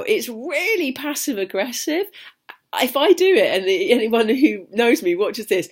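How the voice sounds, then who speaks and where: A woman's voice: fairly high pitch, animated, unhurried. Frank rambling woman vlogger. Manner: rambling, frank, swears freely, restarts often. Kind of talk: candid personal vlog monologue.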